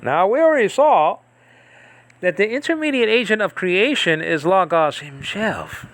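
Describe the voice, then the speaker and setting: A man's voice: sits high, expressive, unhurried, fairly bright tone, no room sound. A man giving a casual, rambling Bible study lesson, thinking aloud with many fillers and asides. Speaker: Bible teacher.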